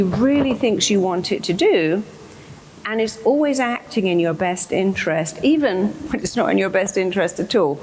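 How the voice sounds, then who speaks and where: A woman's voice: fairly low pitch, slight background noise, rough recording. Emphatic woman giving a motivational talk. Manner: lively, emphatic, acts out inner voices. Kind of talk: motivational talk to a live audience.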